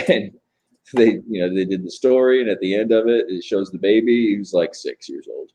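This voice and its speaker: A man's voice: lowish voice, normal speed, dark tone. A man in casual stream chat, talking in rambling, filler-heavy runs and swearing freely. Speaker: tattoo artist on a live chat stream.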